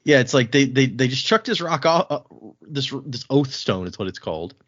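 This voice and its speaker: A man co-hosting a casual book podcast, recapping the plot in a chatty way and acting out quick bits of dialogue. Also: mid-range voice, expressive, fairly bright tone, no room sound, highs cut off. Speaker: podcast co-host.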